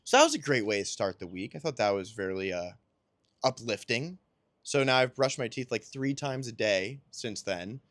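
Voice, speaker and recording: A man's voice: on the low side, a bit bright, dry recording, clean studio sound. A man chatting casually about his week as a new father, telling rambling, self-deprecating stories. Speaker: podcast host and new father. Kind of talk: casual chat.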